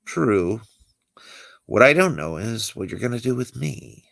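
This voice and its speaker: Casting: man reading a wisecracking weary Jedi hermit, low gravelly voice, swinging pitch. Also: normal speed, dry recording, full character voice. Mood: wry. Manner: sardonic, lively delivery. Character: dry-witted exiled male Jedi master. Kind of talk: amateur script read-through.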